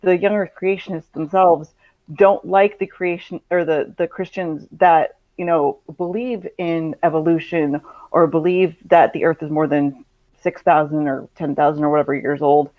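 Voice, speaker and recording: A woman's voice: sits low, fairly even intonation, moderate pace, dry recording. A woman co-hosting a casual podcast who gets her point in eagerly and swears freely. Her audio is slightly muffled and dry. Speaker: podcast co-host. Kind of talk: casual panel discussion.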